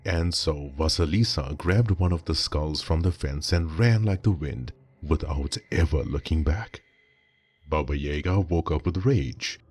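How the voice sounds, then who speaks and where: A man reading a scripted horror story in a measured, dramatic way. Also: extremely low pitch, a little mellow, breathy edge.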